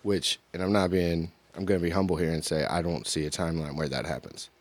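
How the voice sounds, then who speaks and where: A man's voice: sits low, fairly even intonation, fast talker. A man co-hosting a podcast in casual chat, joking and bantering with friends. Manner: joking, self-aware banter. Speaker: podcast co-host.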